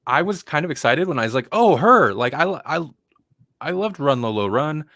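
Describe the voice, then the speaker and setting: A man's voice: medium pitch, lively intonation, normal speed, bright, forceful tone, no echo. Man chatting on a dry close mic. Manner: rambling, restarts often, puts on dull voices to mock actors. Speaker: podcast co-host. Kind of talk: casual film review chat.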